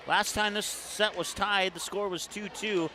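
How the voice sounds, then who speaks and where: A man with an Upper Midwest American accent doing play-by-play commentary on a high school volleyball match in a gym, calling plays fast and shouting on big points. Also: fairly even intonation. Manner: rapid calls that rise to shouts on big plays. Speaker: play-by-play announcer. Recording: noisy gym broadcast.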